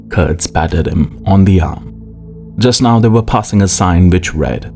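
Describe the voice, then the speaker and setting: Deep slow-reading male narrator. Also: mellow. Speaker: audiobook narrator. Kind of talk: audiobook narration. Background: faint music.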